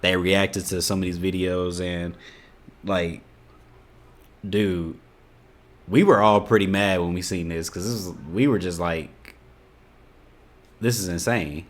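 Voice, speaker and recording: A man's voice: sits low, a little slow, long pauses. Fired-up young man with an Indiana accent. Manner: animated, exasperated, keeps saying "you know what I'm saying". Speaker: reaction video host. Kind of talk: casual reaction commentary.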